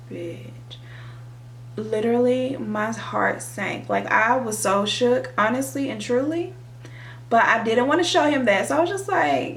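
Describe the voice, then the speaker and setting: A young woman vlogger telling a dramatic, profane storytime while doing her makeup, animated and expressive. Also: fairly high pitch, measured pace, slight background noise. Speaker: beauty vlogger. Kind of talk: storytime chat during a makeup tutorial.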